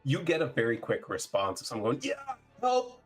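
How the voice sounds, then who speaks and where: A man's voice: medium pitch, quick pace, husky, faint music behind. A man narrating as game master, easygoing and full of ums as he describes the scene. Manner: relaxed, hesitant, many ums.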